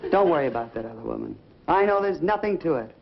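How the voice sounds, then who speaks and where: An actress in a 1950s sitcom putting on her husband's voice as a calm, dismissive grown man. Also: fast, creaky, crowd noise. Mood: soothing. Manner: mock-deep imitation of a man. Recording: dull old TV soundtrack, audience murmur.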